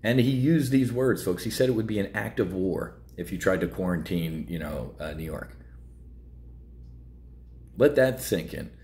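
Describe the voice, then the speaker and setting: A man hosts a trading show, giving casual market commentary in a blunt, heated style full of fillers. His voice sits low with a darkish tone, and he speaks at a moderate pace.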